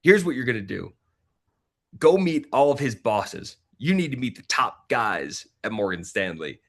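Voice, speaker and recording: A man's voice: on the low side, big pitch swings, normal speed, bright, forceful tone, exaggerated voice. A man imitating his fiery, assertive wife in a raised voice, scolding and emphatic while telling a story. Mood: indignant.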